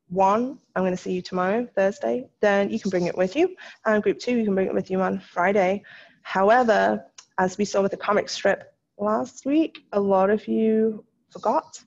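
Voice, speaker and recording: Gravelly-voiced woman teaching French. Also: mid-range voice, a little mellow. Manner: mixes English and French, patient and explanatory. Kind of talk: recorded classroom lesson. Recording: dull lo-fi recording.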